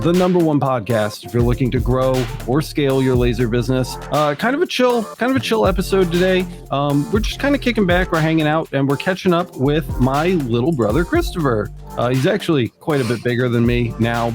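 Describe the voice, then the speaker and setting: A man hosting a podcast in casual chat, upbeat and joking, explaining things plainly. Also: fairly high pitch. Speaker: podcast host.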